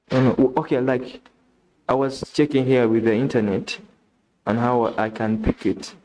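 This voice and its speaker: A young man with a Ugandan English accent, chatting casually on a live stream, reading messages aloud and thinking out loud with restarts and questions. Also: mid-range voice, little pitch movement, unhurried, lo-fi sound, slight background noise.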